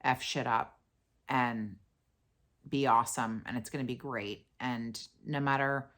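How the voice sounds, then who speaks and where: A tired woman hosting her podcast, telling a story in a blunt, profane, animated way. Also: extremely low pitch, measured pace. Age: adult with a young daughter. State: tired and worn out. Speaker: podcast host. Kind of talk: casual venting monologue.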